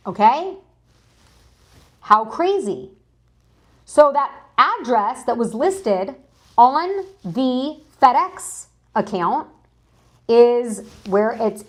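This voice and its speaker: A woman hosting a live news stream, chatting casually and greeting viewers in chat as she talks through documents. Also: on the high side. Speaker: livestream news host.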